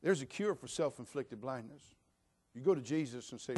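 A man preaching a sermon, dropping to a hush and then building to loud, fervent shouts. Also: medium pitch, lively intonation, normal speed, husky. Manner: dynamic preaching, swinging from hushed to shouting. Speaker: pastor.

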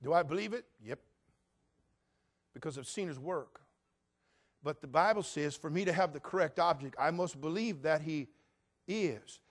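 Preaching a sermon at a moderate pace with long pauses, a man in his sixties animatedly retells Bible stories and gives voice to their characters. His pitch sits a touch higher than most men's.

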